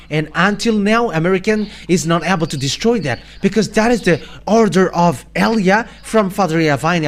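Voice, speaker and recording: Man, Malagasy accent, preaching, high voice, halting with many fillers. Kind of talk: sermon.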